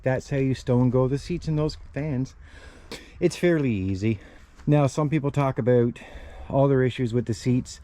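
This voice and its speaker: Mellow and mid-range, this man's voice moves at a normal pace over slight background noise. As host of a casual how-to channel, he works beside a parked van outdoors, holding the camera in his free hand, a touch out of breath, and keeps talking to viewers as "guys."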